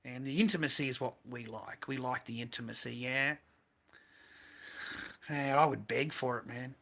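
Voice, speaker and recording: Bright-voiced man, crude and profane. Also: medium pitch, normal speed, vocal fry. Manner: profane, blunt and laughing. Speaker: streamer. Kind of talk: crude casual livestream chat.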